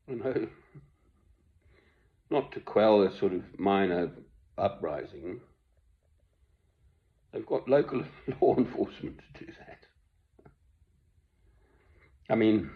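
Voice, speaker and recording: An older man giving a rambling, chuckling monologue from home, self-deprecating and meandering. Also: lowish voice. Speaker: online commentator. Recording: dull lo-fi recording.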